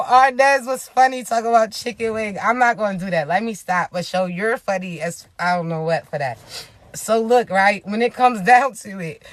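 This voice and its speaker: A woman who works as a spiritual advisor, giving a casual, animated pep talk full of slang, preaching at times and often laughing. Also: medium pitch, no room sound.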